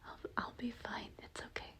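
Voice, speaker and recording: A self-sacrificing young man speaks in a hushed, gentle whisper, as a woman voices him in a whispered role-play. He reassures the listener softly and steadily. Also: lowish voice, steady tone, moderate pace, slight background noise, close to an everyday voice. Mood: reassuring.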